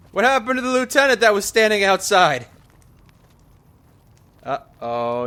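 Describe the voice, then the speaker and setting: A man narrates his playthrough with dry sarcasm and dark jokes, talking back to the characters. His voice is high and bright, swinging widely in pitch. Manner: sarcastic, joking, role-playing his character aloud. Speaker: gaming video host. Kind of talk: gameplay commentary.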